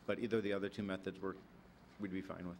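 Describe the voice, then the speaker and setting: Fast-talking flat-voiced business man. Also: sits low, slight background noise. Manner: reassuring, many fillers. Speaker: business representative. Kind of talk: presenting at public meeting.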